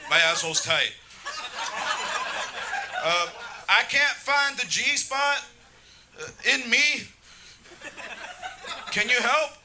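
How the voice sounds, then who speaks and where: A man's voice: very high voice, lively intonation, slow pace, pauses often. A man in his twenties doing a brash, crude stand-up set in a comedy club. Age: 20s. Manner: brash, crude, crowd-baiting. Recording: live club with audible room noise.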